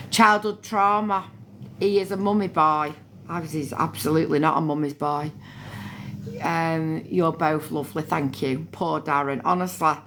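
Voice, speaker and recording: A woman's voice: medium pitch, slight background noise. A woman, chatting casually and swearing freely while she hosts a live stream on her phone. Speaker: livestream host.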